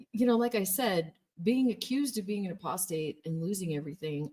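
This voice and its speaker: A woman's voice: on the low side, recorded from a distance. A woman in her thirties telling her personal story candidly, often laughing as she speaks. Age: 30s. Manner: candid, laughs often, acts out quoted voices. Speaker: former Jehovah's Witness telling her story. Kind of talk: personal testimony.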